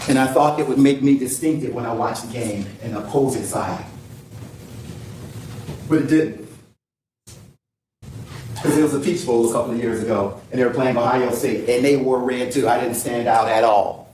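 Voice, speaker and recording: A man from New Orleans delivers an impassioned courtroom closing argument, loud and emotional, stacking words into rhetorical lists. He is heard from afar on a distant courtroom feed, with heavy echo and a faint hiss underneath. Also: mid-range voice, normal speed, long pauses. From New Orleans, USA. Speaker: defense attorney. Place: large courtroom.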